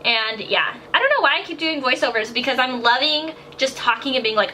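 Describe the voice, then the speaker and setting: Speaking a little fast in a high, animated voice with a sharp tone, a young woman narrates a makeup tutorial from her bathroom at home, rambling, effusive, and saying "like" constantly as a beauty vlogger. The faint hiss of a bathroom fan runs underneath.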